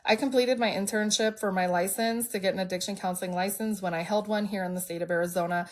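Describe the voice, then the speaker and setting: A woman's voice: mid-range voice, fairly even intonation, fast talker. A woman in her thirties tells her own story on a live stream, frank and heartfelt. Her voice sounds a little stuffy from allergies, and she speaks plainly and directly, with no sugarcoating. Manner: open and emotional, speaks bluntly. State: congested from allergies. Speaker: livestream host. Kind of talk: candid personal storytelling.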